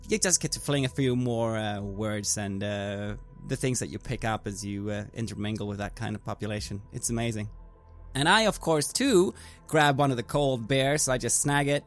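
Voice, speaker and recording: A man's voice: medium pitch, a bit bright. A man playing a bubbly, carefree young student. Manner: chatty, rambling. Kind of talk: in-character tabletop role-play.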